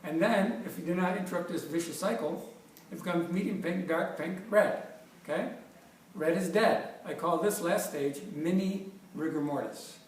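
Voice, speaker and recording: An enthusiastic chiropractor in his fifties explains with props, joking and restarting his sentences in a fairly high voice. He sounds far from the mic in a very echoey room with faint background noise. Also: moderate pace. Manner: enthusiastic, jokey, stumbling restarts. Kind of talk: informal presentation with props.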